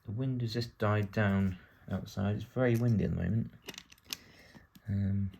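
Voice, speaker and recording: A man's voice: fairly low pitch, measured pace, vocal fry, mellow, a little hiss or hum. A British man from the UK giving casual build-along narration as a vlogger, chatty and full of wry asides while he works. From United Kingdom.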